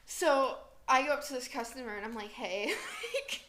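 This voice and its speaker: A young woman with a fairly high voice tells work stories in a relaxed podcast chat. She laughs often and acts out what everyone said in lively voices. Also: moderate pace. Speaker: podcast co-host. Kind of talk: casual storytelling chat.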